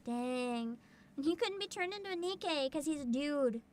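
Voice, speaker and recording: A woman's voice: sits high, animated, moderate pace, a little mellow, a little hiss or hum. A young woman streaming a game, chatting and joking over the story. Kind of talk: game commentary. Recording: game music behind.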